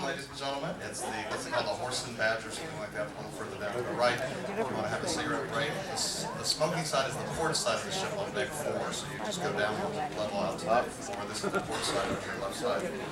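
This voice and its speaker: Fast-talking man making announcements to a crowd. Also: mid-range voice. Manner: quick, casual announcer with small slips. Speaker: event organizer. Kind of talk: announcements to an audience. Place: large hall on a cruise ship. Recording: echoey hall from far off with a crowd.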